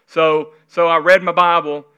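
Earnest preacher man with a bright, forceful voice. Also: on the high side, level tone, unhurried, smooth. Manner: earnest, conversational, shifting to hushed intimate tones. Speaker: pastor. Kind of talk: sermon. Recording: slightly dull lo-fi recording.

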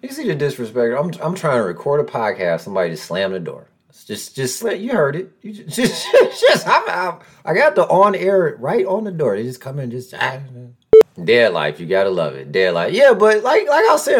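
Animated, excitable male podcast host. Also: normal speed, breathy edge. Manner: excitable and joking, with big swings in pitch and loudness. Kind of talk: casual podcast monologue. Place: room at home with a door nearby.

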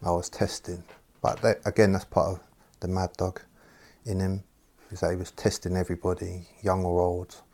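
A former footballer recalling his early days at a club in a relaxed, plain-spoken way. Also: sits low, normal speed. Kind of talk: casual interview reminiscence.

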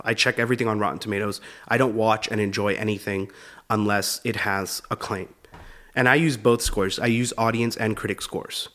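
A man's voice: lowish voice, a bit bright. A male comedian hosting his show, riffing in a loose, profane monologue that is full of "dude". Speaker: comedian host.

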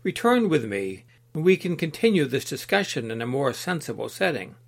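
A man's voice: a little high, sing-song, normal speed, gravelly, breathy edge, exaggerated voice. A man reading the part of a closed-minded, grumbling male skeptic in an allegorical story, scornful and dismissive.

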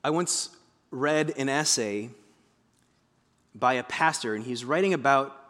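A man preaching a sermon as pastor, conversational, breaking into booming dramatic quotations. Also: measured pace, fairly bright tone. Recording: long hall reverb.

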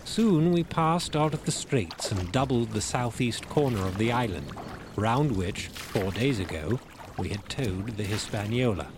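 Slow, expressive male audiobook narrator. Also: fairly low pitch, noisy background. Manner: measured, expressive reading. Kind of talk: storybook reading.

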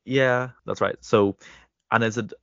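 A man's voice: mid-range voice, steady tone, unhurried, a bit bright, dry recording, highs cut off. A man co-hosting a podcast, recapping a TV episode casually with hesitant restarts. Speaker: podcast co-host. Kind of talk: casual chat reviewing a TV episode.

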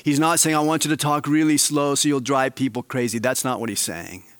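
A male pastor preaching a sermon, swinging between quiet, slow emphasis and animated, raised passages. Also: mid-range voice, no room sound.

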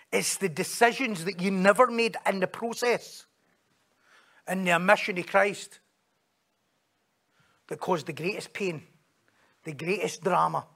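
A man's voice: high voice, fairly bright tone. A man preaching a sermon in a conversational way, acting out quoted voices and asking rhetorical questions.

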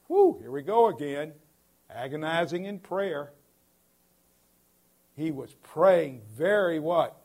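A male pastor preaching a sermon in an earnest, emphatic way, his voice swelling loudly at points. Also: a little high, husky.

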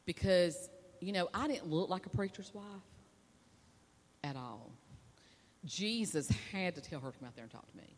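A woman's voice: fairly low pitch, expressive, moderate pace, long pauses. A woman, a preacher's wife, delivering a sermon in a chatty, conversational way with asides to the audience. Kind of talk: sermon with personal storytelling. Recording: long reverb of a large hall.

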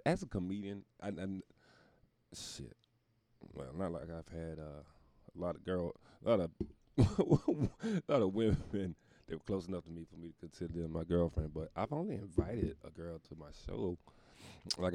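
Male comedian, low and mellow, swings his pitch all over, profane rambling monologue; dry close sound. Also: big pitch swings, normal speed, no echo. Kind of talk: casual podcast monologue.

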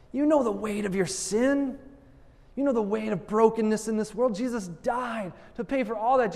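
A man preaching a sermon as pastor, animated, acting out the voices he quotes. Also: extremely high pitch. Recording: long hall reverb.

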